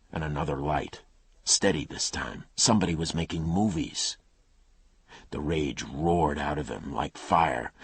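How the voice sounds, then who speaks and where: A man's voice: a bass voice, fairly bright tone, breathy edge, no echo. A man narrating a crime thriller audiobook in a clipped, tense style.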